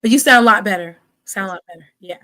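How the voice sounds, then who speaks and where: A woman's voice: medium pitch, quick pace, pushed and bright. Woman, livestream podcast host, casual rambling delivery, filler-heavy. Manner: rambling, many fillers, reading stats aloud. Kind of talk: casual livestream sports talk.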